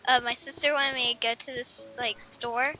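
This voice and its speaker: A woman's voice: high voice, little pitch movement, moderate pace, bright, forceful tone, low-quality recording. A female let's-play host in casual gaming chat, chatty and giggly, rambling with lots of fillers.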